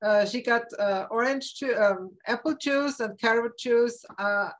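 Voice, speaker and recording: A woman from Austria hosting a casual talk, speaking haltingly and searching for words. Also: on the high side. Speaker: host, horse owner. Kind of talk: casual conversation.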